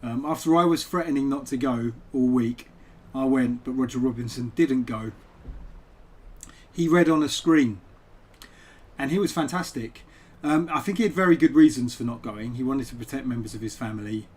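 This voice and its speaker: A man at his home computer chatting loosely to a live-stream audience, mid-pitched and conversational. He wanders from topic to topic in an easygoing, rambling way, speaking into a desk microphone. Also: normal speed, darkish tone, slightly rough. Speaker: poet and game streamer. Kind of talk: casual live-stream chat over gameplay.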